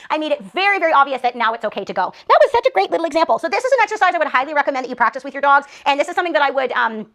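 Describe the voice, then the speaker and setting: A woman's voice: high voice, animated, very fast, hardly any pauses. A woman dog trainer explaining a demonstration and cooing upbeat praise to a puppy.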